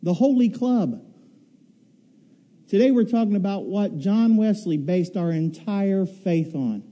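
A man with a high-pitched voice preaches a sermon, telling stories in a homespun, folksy way. His tone is very mellow and dark-colored for his pitch, and he tends to double up on words as he talks. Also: animated, slow pace. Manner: folksy storytelling, repeats words. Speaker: pastor.

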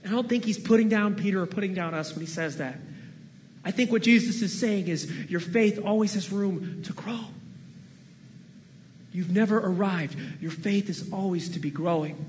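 A man preaching a sermon as pastor to his church, dramatic, moving between loud pleading and hushed, near-whispered lines. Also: high-pitched, moderate pace, long reverb tail, slight background noise. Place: church sanctuary.

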